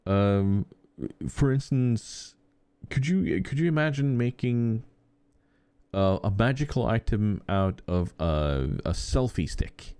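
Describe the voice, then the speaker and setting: A man's voice: on the low side, animated, takes it slowly, dark tone, smooth, no room sound. A man chatting casually as a podcast co-host, telling rambling anecdotes full of fillers and restarts. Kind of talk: casual chat.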